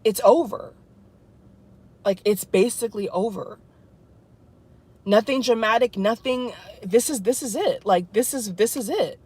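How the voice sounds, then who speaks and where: A woman talking to her viewers in an emotional spiritual vlog, distraught and tearful, halting and repeating herself. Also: a little high, a little mellow, husky. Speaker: vlogger.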